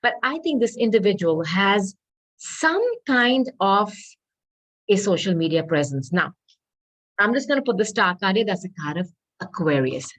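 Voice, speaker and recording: Lively-voiced woman giving a tarot reading. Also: medium pitch, normal speed, low-quality recording. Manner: intuitive, repeats herself, hedging asides. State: losing her voice. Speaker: tarot reader.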